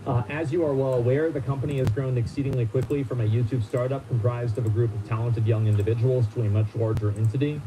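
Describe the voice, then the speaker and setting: A man streaming, reading a formal statement aloud and breaking off into halting, incredulous asides. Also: medium pitch, steady tone, noisy background.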